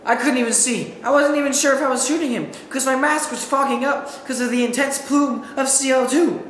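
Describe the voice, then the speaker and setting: The school hall echoes, faint noise in the background, as a young man performs a memorized comic monologue as a student. His voice is very high and fairly quick, animated, with quotes acted out in shouts.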